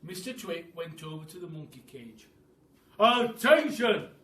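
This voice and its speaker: Expressive man reading a storybook. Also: on the high side, a little hiss or hum. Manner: expressive, unhurried. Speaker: primary school teacher. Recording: echoey room, mic at a distance.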